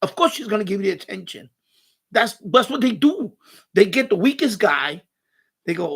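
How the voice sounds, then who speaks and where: A man's voice: sits high, moderate pace, creaky, breathy edge. A man hosting a live stream, telling a casual story with lots of swearing and laughter. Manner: animated, swears often, laughs through the story.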